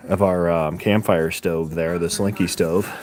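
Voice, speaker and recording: A man's voice: low-pitched, fairly even intonation, measured pace, darkish tone. A man hosting a casual live stream, chatting loosely with viewers and greeting them by name, often laughing as he talks into a handheld phone.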